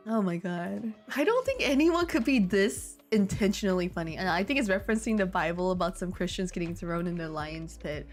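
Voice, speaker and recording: A woman's voice: on the low side, animated, fairly quick, hardly any pauses, faint music behind. A woman reading fanfiction aloud with sarcastic, laughing commentary.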